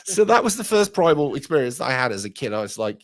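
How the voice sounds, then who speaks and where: Talking fast in a mid-range voice with big pitch swings, this livestream host is hungover and rambles along in crude, swear-filled casual chat.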